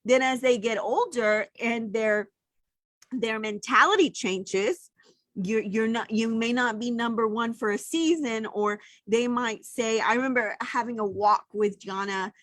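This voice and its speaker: A woman's voice: a little high, a little slow, fairly bright tone, no echo. A middle-aged woman co-hosting a casual chat, speaking in a heartfelt, reflective way. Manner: heartfelt and reflective, gets emotional. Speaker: podcast co-host.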